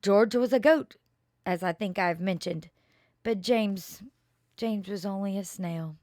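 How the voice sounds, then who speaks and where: Older lady reading kids' poems real slow, playful and expressive, dry close sound. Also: medium pitch, no echo. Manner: slow, expressive read-aloud with playful asides. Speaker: storyteller reading poems aloud. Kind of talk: reading children's poems aloud.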